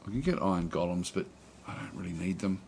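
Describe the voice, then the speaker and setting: A man giving relaxed let's play commentary on a strategy game, thinking aloud with many fillers and restarts. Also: sits low, fast, gravelly, a little hiss or hum.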